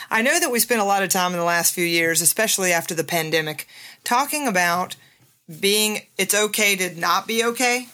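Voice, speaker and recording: Cheerful woman host with a forceful, bright voice, giving an emphatic self-help pep talk. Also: mid-range voice. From USA. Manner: upbeat and emphatic, laughs often. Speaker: podcast host.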